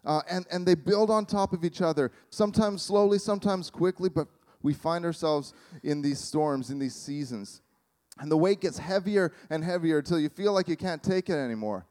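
A man preaching a sermon in a conversational, halting way, with sarcastic humor. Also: a little high, a little mellow. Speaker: pastor.

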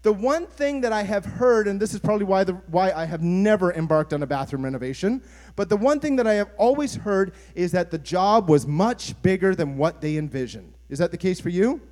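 A man's voice: sits high, lively intonation, a little fast, a little mellow. A man, a pastor, preaching an earnest, conversational sermon and putting questions to his congregation.

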